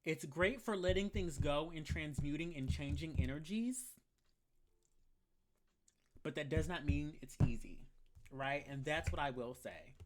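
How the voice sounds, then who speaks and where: A tarot reader giving a live collective reading in a sassy, blunt, slang-filled way, stressing points by repeating them and answering chat comments along the way. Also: mid-range voice. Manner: repeats key phrases for emphasis.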